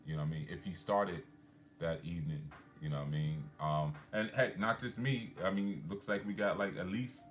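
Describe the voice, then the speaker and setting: A man's voice: low voice, steady tone, normal speed. A man hosting a live stream, chatting casually and reading out viewer comments in a laid-back way. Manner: laid-back, chatty, many fillers, laughs often.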